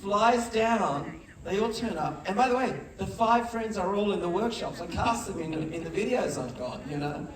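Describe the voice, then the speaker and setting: A man's voice: high voice, normal speed, few pauses, far from the mic, a crowd in the background. A middle-aged man, a film director, telling stories on stage at a festival conversation and acting out the quotes with animation. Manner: animated storyteller, acts out quotes. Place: large festival hall with audience. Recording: echoey hall, mic heard from afar.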